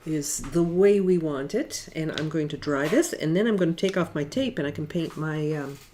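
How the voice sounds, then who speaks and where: A middle-aged woman giving a casual watercolor painting demonstration in her studio, talking in a relaxed, chatty way with fillers. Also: low-pitched, moderate pace, a little hiss or hum. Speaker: watercolor art instructor.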